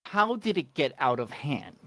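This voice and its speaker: A game master voicing a calm, authoritative woman mentor who asks firm questions. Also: medium pitch, moderate pace, no room sound, clean studio sound.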